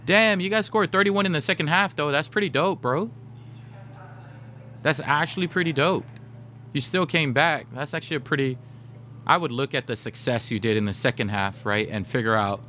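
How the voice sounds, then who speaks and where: This young man streams games and chats casually with viewers, swapping stories and speaking straight to the chat. His mid-range voice moves at a moderate pace and sounds pushed and bright, with a faint hiss or hum in the recording.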